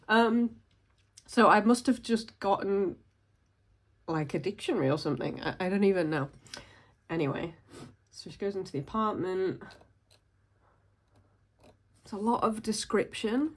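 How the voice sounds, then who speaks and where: A woman's voice: fairly low pitch, normal speed, long pauses, breathy edge. A woman in her late thirties, a writer and vlogger, reading aloud from her old writing and commenting on it, often breaking into amused laughter. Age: late 30s.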